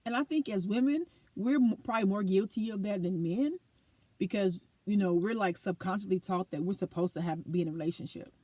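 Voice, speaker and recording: A vlogger and mother of a school-age daughter talks fairly quickly to her camera, earnest and animated as she reflects on her life. Her mid-range voice has a dark tone, and there's no room sound.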